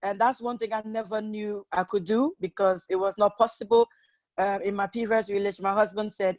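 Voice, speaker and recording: A woman's voice: medium pitch, steady tone, a little fast, darkish tone, no room sound. Candid woman telling relationship stories. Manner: candid storytelling, acts out quoted lines. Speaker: seminar speaker. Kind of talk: personal testimony talk.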